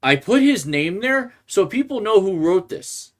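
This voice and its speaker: A man's voice: high-pitched, very animated, a little slow. A man hosting a sports podcast, ranting in a rambling way and restarting his sentences often. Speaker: podcast host. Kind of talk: casual sports rant.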